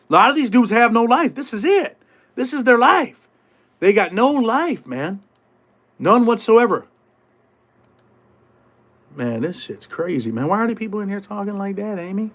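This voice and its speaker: Middle-aged male host, high voice, casual street talk, salty language. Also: big pitch swings, normal speed, pauses often, a bit bright. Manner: streetwise, swearing, acts out prison voices. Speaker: podcast host. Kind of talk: casual live-stream talk.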